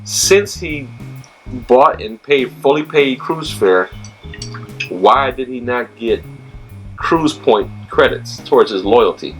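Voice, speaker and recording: A man's voice: medium pitch, lively intonation, takes it slowly, soft background music, poor audio. A man hosting a casual travel chat, talking loosely with many fillers and restarts. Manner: chatty, filler-heavy, restarts often. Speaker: host.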